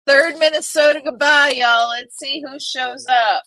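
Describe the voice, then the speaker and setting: A woman's voice: high voice, steady tone, a little slow, bright, forceful tone, dry recording. A woman hosting a casual live stream, chatting with viewers and reading their names aloud. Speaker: livestream host.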